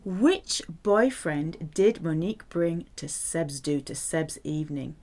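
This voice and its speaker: Playful woman teaching French grammar. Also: low voice. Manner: playful, animated, spells words and repeats French examples slowly. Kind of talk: grammar lesson.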